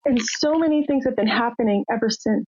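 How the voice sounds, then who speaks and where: A fairly quick, slightly high voice with a darkish tone and a breathy edge: an older woman from Canada telling her story as a podcast guest. She's frank and emotional, playing the parts of the people in it. Sound quality is muffled, lo-fi and dry.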